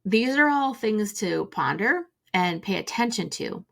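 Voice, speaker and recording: Woman host, gentle reflective solo talk, slight vocal fry, unhurried musing delivery. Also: medium pitch, expressive. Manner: gentle, musing, many fillers. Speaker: podcast host.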